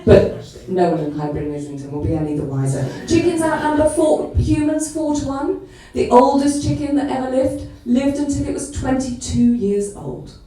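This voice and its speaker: A woman's voice: high voice, normal speed, few pauses, dark tone. A woman closing a light-hearted talk on stage with dry, wry jokes. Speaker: guest speaker. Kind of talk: comic science talk. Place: live comedy venue. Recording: echoey hall from far off.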